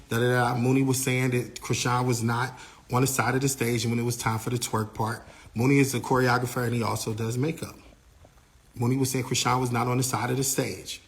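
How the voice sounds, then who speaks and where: A man casually recounting a backstage incident, animated and full of fillers, acting out what others said. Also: medium pitch. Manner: animated, acts out quotes of others; repeats himself, many "like" and "you know" fillers. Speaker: eyewitness telling a backstage story. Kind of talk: casual storytelling.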